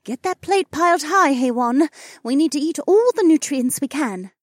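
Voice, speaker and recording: A male narrator voicing a bubbly, excitable pregnant woman who gushes about food in an audiobook. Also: extremely high pitch, normal speed, no echo, studio quality, pitched above the performer's own voice. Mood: excited. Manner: gushing and excitable. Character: bubbly, greedy pregnant blonde British woman.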